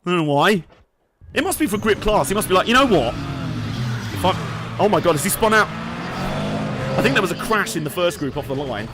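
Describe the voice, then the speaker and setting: A man's voice: high voice, big pitch swings, quick pace, long pauses. Man joking through a race game. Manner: joking, sweary, laughs a lot. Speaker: let's play streamer. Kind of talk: live game commentary. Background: racing game music and engine noise.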